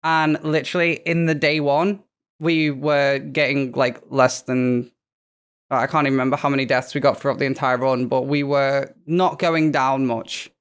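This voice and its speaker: A woman's voice: very deep voice, moderate pace, smooth. A woman, a podcast guest telling gaming stories in casual chat, swearing freely and acting out quotes. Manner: animated storyteller, swears freely, acts out quotes.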